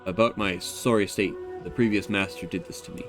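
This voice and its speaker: A man voicing a weary, wounded male minotaur servant in a visual novel, speaking low and solemn. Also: steady tone, brisk, over music, lightly acted. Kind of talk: reading a visual novel aloud on stream.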